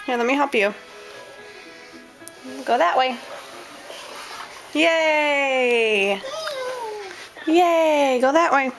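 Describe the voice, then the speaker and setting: A woman's voice: high-pitched, extremely slow, long pauses, over music, low-quality recording. A woman talking to her baby in a home video, coaxing and cheering in a sing-song voice. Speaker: parent playing with her baby.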